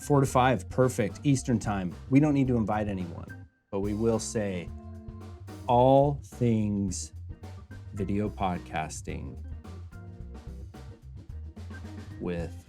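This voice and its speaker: A man hosting a podcasting tutorial and chatting through a screen-share walkthrough. He keeps it upbeat, with quick jokes, and speaks into a podcast mic. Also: on the low side, darkish tone. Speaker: host and podcasting instructor. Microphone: podcast mic through a mixer.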